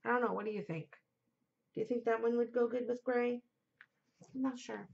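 A woman's voice: fairly high pitch, fairly even intonation, a little fast, vocal fry. A middle-aged woman hosting a casual chat podcast, chatty, emotional and gushing as she talks. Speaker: podcast host. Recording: muffled lo-fi home recording.

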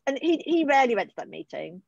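A middle-aged woman with a British accent, speaking from the heart in an emotional, halting way, pausing and restarting as she opens up. Her voice sits at an ordinary pitch. It comes through a slightly dull, muffled online call with no room echo. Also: very animated, vocal fry. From United Kingdom. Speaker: guest. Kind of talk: personal recovery story in conversation.

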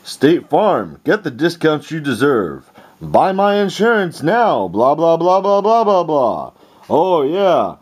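A man's voice: a little high, very animated, takes it slowly, slightly rough, voice pushed up, heavily acted. A man mocking a smarmy insurance salesman. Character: smarmy male insurance salesman writing junk mail.

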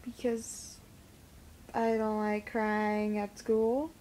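A teenage girl with a lisp, talking to camera in a casual vlog, halting and full of fillers. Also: medium pitch, level tone, mellow, slight background noise. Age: teens. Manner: hesitant, halting with many fillers. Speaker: vlogger. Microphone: phone camera.

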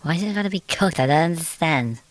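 A woman's voice: low-pitched, animated, fast, dry recording. A British woman streaming a game, talking casually and muttering to herself as she plays. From Britain. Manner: chatty, exclaiming, muttering to herself. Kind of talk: casual gameplay commentary.

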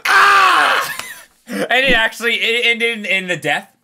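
A man's voice: high-pitched, normal speed, raised voice, heavy background noise. A young man hosting a let's play, chatting casually and yelping when things go wrong in the game. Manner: excitable, yelps at game events. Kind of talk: casual gameplay banter. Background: game music.

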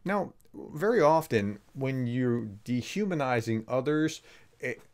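A man's voice: mid-range voice, animated, measured pace. A man, a professor, giving casual video commentary on a clip, conversational with sarcastic, emphatic rises. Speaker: professor explaining war context.

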